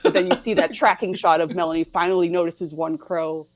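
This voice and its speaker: Young woman guesting on a podcast, low-ish voice, super animated, keeps laughing and doing little voices, dry close sound. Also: dry recording, poor audio. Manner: animated, acts out lines in quick put-on voices, laughs often. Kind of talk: casual chat about a film.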